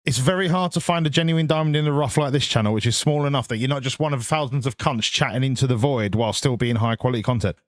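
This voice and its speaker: A man's voice: mid-range voice, fast, hardly any pauses, dry recording. A man streaming a game as a hobby, chatting casually and sweary with his viewers in rambling banter. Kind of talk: casual live-stream chat to viewers while gaming.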